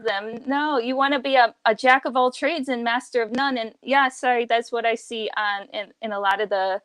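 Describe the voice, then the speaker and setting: A woman's voice: fairly high pitch, moderate pace, clean tone, no echo. A woman talking as a guest on a casual livestream, a language teacher speaking emphatically and opinionatedly. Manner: emphatic, opinionated, animated impressions.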